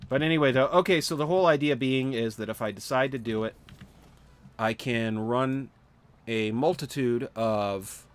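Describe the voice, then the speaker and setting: A medium-pitched, smooth voice at a moderate pace belongs to a sleepy gaming livestreamer who yawns as he plays. He offers relaxed commentary on his live gameplay, thinking aloud with frequent fillers and restarts.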